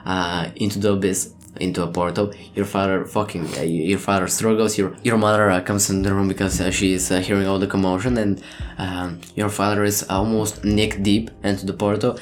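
A man's voice: sits low, level tone, fairly quick, few pauses. A man narrating as game master, rambling with many hesitations, swearing freely and laughing often.

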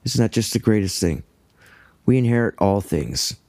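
A man's voice: on the low side, animated, normal speed, darkish tone, no echo. A man teaching from the Bible in a casual, earnest way, reading verses aloud and then explaining them with enthusiasm. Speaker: preacher.

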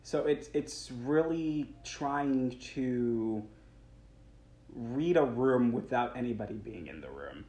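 In a roomy recording with faint background noise, a young male stage actor gives a casual interview, earnest and a little rambling, with restarts and small laughs. His mid-range voice is animated and dark-toned, delivered at a slow pace.

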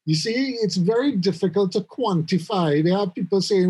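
A middle-aged man chatting casually about his office jobs, telling animated stories and often repeating words as he goes. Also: high voice, moderate pace, husky, poor audio. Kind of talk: casual conversation.

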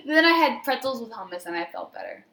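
A woman's voice: a little high, big pitch swings, fast, noisy background. A woman co-host rambles through funny personal stories, filling her talk with "like." She laughs easily. Her voice carries a noticeable room echo. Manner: chatty storyteller, laughs easily, filler "like". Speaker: student podcast co-host. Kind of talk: casual chat. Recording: roomy echo.

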